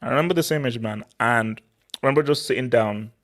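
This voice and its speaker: A young man from Nigeria hosting a casual football talk, excitable and prone to repeating words as he restarts his sentences. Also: medium pitch, fast talker. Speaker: football channel host. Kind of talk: casual football commentary monologue.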